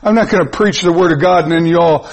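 A man preaching a sermon, emphatic and repetitive, with sudden high-pitched rises. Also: fast. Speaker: pastor.

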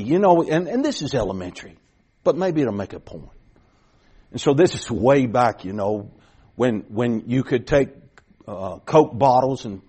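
A man's voice: medium pitch, breathy edge. A middle-aged man preaching a sermon, telling a folksy story with repeated starts that builds to emphatic points.

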